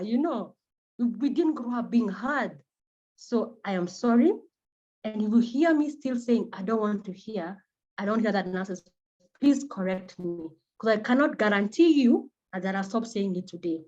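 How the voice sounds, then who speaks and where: A Kenyan woman psychotherapist, a native Kimeru speaker, giving an animated and earnest talk built around personal stories. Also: medium pitch, normal speed, lo-fi sound. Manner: animated, acts out quoted voices, earnest.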